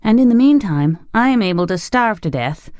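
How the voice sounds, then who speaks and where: Tip, a quick-tempered young boy, rings out high and eager, as the audiobook narrator puts him on. The sound is dry and close. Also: lively intonation, darkish tone, smooth, dry recording, natural voice. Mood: excited.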